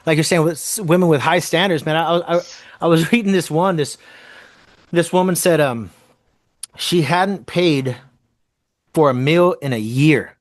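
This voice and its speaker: A man's voice: fairly high pitch, unhurried, pauses often, no room sound. A man chatting casually on a podcast, frank and swearing freely, often asking rhetorical questions. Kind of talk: casual chat.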